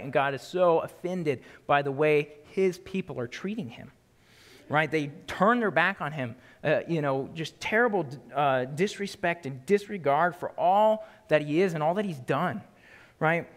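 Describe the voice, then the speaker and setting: A man's voice: on the high side, normal speed. A man teaching a Bible study in a casual, emphatic way, often checking in with "right?". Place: church sanctuary. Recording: long hall reverb.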